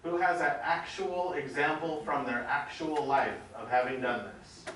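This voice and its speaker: A man's voice: on the high side, steady tone, a little slow, a bit bright. Earnest male seminar coach, recorded from across an echoey room. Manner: earnest, asks questions and calls on people. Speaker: seminar leader. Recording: echoey room from far off with noise.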